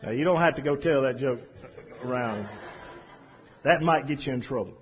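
A man preaching a sermon in a folksy, storytelling way, swinging from soft asides to loud emphasis. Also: medium pitch, moderate pace. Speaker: pastor. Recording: dull lo-fi sound.

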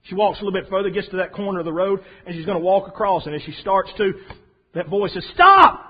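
A man preaching a sermon in a folksy, storytelling way, swinging from soft asides to loud emphasis. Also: sits high, steady tone, quick pace, breathy edge. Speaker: pastor. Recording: dull lo-fi sound.

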